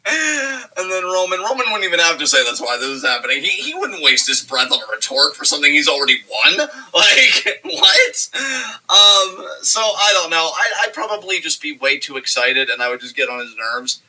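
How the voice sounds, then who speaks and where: A man co-hosting a casual chat show, rambling excitably, laughing often and swearing freely. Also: a little high, moderate pace, hardly any pauses, low-quality recording. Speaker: podcast co-host.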